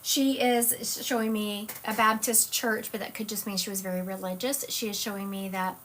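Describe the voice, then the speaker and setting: A woman's voice: medium pitch, steady tone, moderate pace, a bit bright, a little hiss or hum. A woman with a Southern US accent, a psychic medium chatting casually and rambling on a live stream. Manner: chatty, rambling, self-correcting.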